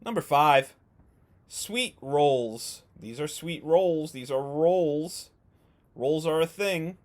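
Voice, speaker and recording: A man teaching a first grade remote video lesson, speaking slowly and patiently and stretching out words for young children. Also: fairly high pitch, animated.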